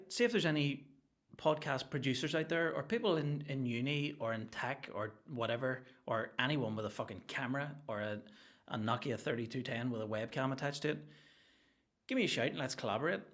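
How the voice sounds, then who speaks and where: Man, comedy podcast host, rambling, swearing, joking, bright voice, mid pitch. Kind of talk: solo comedy podcast monologue. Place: home room with green screen.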